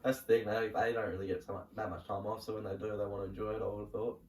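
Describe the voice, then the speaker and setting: A young Australian man co-hosting a podcast in casual chat, mostly giving short replies and quick reactions. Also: on the low side, level tone, a little mellow. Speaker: podcast co-host. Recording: roomy, distant mic.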